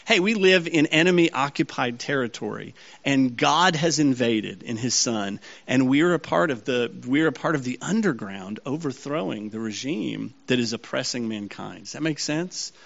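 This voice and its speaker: A man preaching to a congregation in a teaching sermon, pausing often to ask if everyone is following. His voice sits at an ordinary middle pitch. The recording is somewhat muffled and lo-fi. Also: expressive, vocal fry, a bit bright. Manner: checks in with the audience often, asking if they follow. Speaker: pastor. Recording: slightly dull lo-fi sound.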